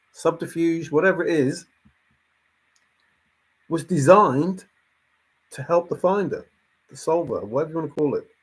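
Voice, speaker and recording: A man's voice: sits high, darkish tone, husky, low-quality recording. A man talking casually to viewers in an emphatic, exasperated way, repeating his points as he comments on a treasure hunt.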